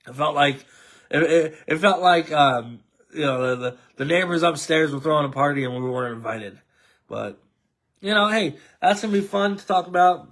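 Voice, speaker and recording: A man's voice: a little high, moderate pace, fairly bright tone. An American man hosting a casual sports chat, rambling and addressing his co-host with many fillers. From United States. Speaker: podcast host.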